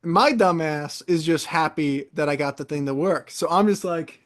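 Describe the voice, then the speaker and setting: A man's voice: on the high side, normal speed. Chatty young man from New York. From New York, USA. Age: 20s. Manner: animated, rambling, many fillers and restarts. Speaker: podcast co-host. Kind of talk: casual chat storytelling.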